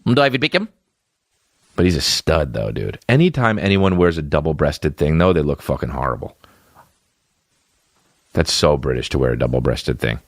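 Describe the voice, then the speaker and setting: Animated man riffing in a dry studio. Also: very deep voice, moderate pace, no echo. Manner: animated, jumps into exaggerated character voices. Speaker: podcast host. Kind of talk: comedic riffing with impressions.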